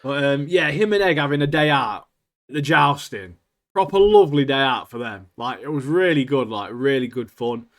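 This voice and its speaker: A podcast co-host with a mid-range voice at normal speed chats animatedly in a casual conversation. He laughs often and says "mate" a lot.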